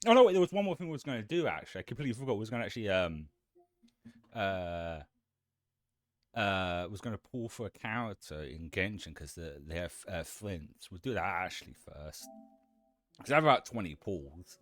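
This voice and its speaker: A man with a deep voice chatting casually on a live stream, rambling and restarting his sentences, often giggling. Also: very animated, a little fast, dry recording, clean studio sound, faint music behind. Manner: rambling, self-interrupting, giggly.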